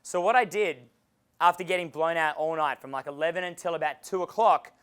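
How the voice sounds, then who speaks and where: A man's voice: on the high side, fairly quick, fairly bright tone, clean tone. A man giving a seminar as a dating coach, casual and chatty, swearing freely and laughing at his own stories. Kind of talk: seminar lecture.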